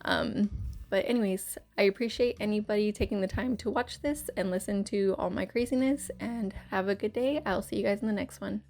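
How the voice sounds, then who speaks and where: A woman's voice: mid-range voice, fairly quick, a little mellow. A woman hosting her channel, rambling through a casual story-time chat with plenty of fillers and restarts. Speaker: YouTube channel host.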